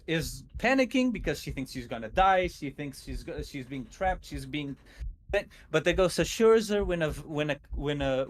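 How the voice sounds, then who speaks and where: A nervous man telling a spooky story on a stream, stuttering and halting often. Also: a little high, poor audio. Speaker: guest storyteller.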